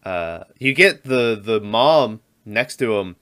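A man's voice: fairly low pitch, animated, takes it slowly, a bit bright. A man co-hosting a podcast, casually recapping a movie, rambling and laughing often. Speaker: podcast co-host.

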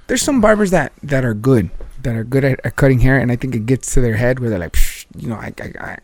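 A man's voice: medium pitch, animated, quick pace. A man co-hosting a podcast in casual chat, agreeing readily and mixing phrases into his English. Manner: agreeable, chimes in, mixes Spanish phrases into English. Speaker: podcast co-host.

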